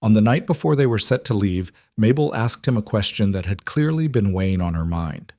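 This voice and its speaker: A man giving scripted, measured narration of a frontier story. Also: on the low side, lively intonation, warm tone, no echo.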